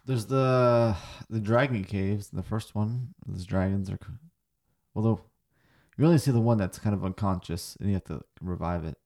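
A man's voice: fairly low pitch, moderate pace, darkish tone. A tipsy man co-hosting a casual podcast chat, rambling and swearing freely as he talks about games. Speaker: podcast co-host.

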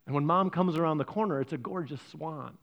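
A man pastor preaching a sermon, telling a story with lively, playful asides to the congregation. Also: on the high side, brisk, gravelly.

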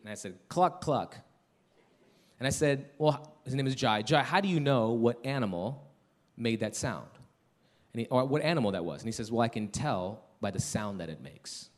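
Preacher swinging hushed to loud. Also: male voice, mid-range voice, moderate pace. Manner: swings from hushed intimate lines to loud excited storytelling. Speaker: pastor. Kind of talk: sermon.

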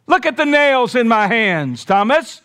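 A man voicing Jesus as a gentle, earnest risen teacher, pleading with a raised voice. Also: extremely high pitch, big pitch swings, unhurried, voice pushed up, exaggerated voice. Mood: urging.

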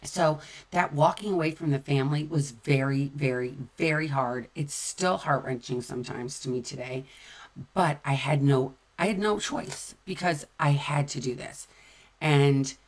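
A woman's voice: sits low, a little slow. A middle-aged woman speaking candidly and conversationally about her own recovery, often repeating phrases for emphasis. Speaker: sober-living speaker. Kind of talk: personal recovery talk.

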